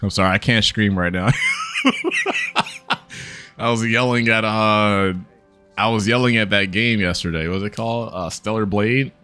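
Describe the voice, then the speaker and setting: A man's voice: on the low side, fairly even intonation, moderate pace, long pauses, sharp tone, clean tone, faint music behind. A young man giving casual, profane, joking commentary over his gameplay, talking straight to his viewers. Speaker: gaming YouTuber.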